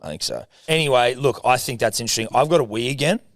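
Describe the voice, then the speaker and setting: A man's voice: medium pitch, fast, a bit bright, dry recording, clean studio sound. An Australian man co-hosting a sports podcast, rambling and joking as he tells stories and reads ads. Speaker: podcast co-host. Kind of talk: casual sports banter.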